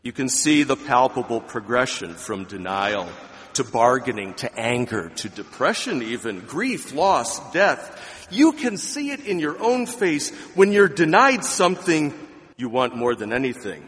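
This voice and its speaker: A man preaching a sermon, emphatic, swinging between loud declarations and quiet asides. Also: medium pitch, big pitch swings, measured pace, in a large hall. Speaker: pastor.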